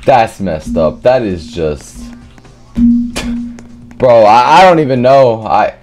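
A man giving live gameplay commentary as a gaming streamer, excitable and trash-talking, swearing often. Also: fairly low pitch, slow pace, music in the background.

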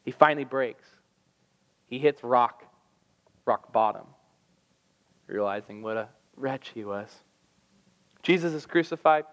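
A man preaching a sermon as pastor, telling the story with animated energy and acting out the voices. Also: mid-range voice, unhurried, pauses often, big-room sound. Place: church sanctuary.

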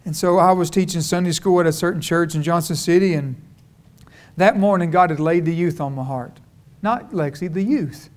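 Fervent high-voiced preacher man. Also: normal speed. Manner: storytelling, folksy, rising to fervent. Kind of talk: sermon.

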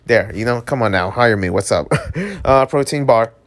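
A man reading a webtoon aloud and reacting with excitable, joking asides. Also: medium pitch, moderate pace. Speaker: webtoon reader.

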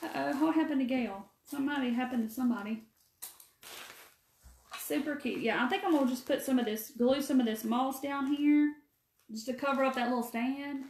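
A woman with a warm Mississippi drawl hosts a live craft stream, rambling in a folksy way and greeting viewers by name. Her voice sits a little high. The sound carries a roomy echo, as if she were in a bare room. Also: moderate pace, slight background noise. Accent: Southern US, Mississippi. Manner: folksy, talkative, answers viewer comments by name. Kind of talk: chatty live craft demo. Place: empty room. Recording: echoey room.

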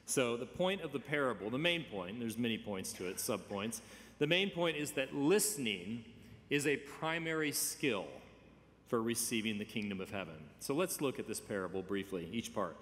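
A man in his fifties preaching a sermon, conversational with gentle humor and emphatic stresses. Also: mid-range voice, expressive, moderate pace, a little hiss or hum. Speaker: pastor. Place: church sanctuary. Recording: reverberant church sanctuary.

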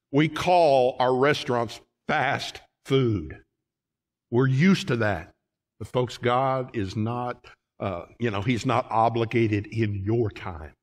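A man preaching from the pulpit, climbing into fervent emphasis and then dropping back to folksy asides. His voice sits at an ordinary middle pitch. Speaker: pastor. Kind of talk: sermon. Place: church sanctuary.

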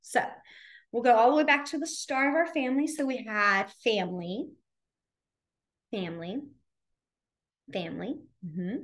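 A young woman teaching a sign language class, chatty and storytelling, with plenty of fillers and quick laughs. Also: a little high, a bit bright. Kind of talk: casual class teaching with stories. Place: library classroom.

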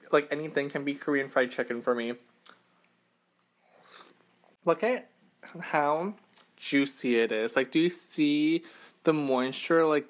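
A man from Western Canada, hosting a casual mukbang eating show from a hotel room and rambling, correcting himself and laughing between bites. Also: a little high. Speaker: mukbang host. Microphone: camera mic.

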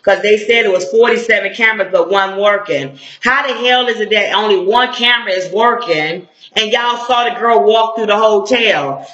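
A woman's voice: medium pitch, a bit bright. A middle-aged woman, a civil rights activist, giving blunt, confrontational commentary in slangy street talk. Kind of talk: impassioned video commentary. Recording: echoey room, dull lo-fi sound.

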